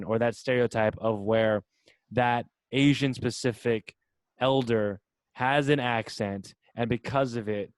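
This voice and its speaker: Rambling podcast host, dry close sound. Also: male voice, medium pitch, clean tone, no room sound. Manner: rambling, searching for words, swears casually. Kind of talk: casual conversation.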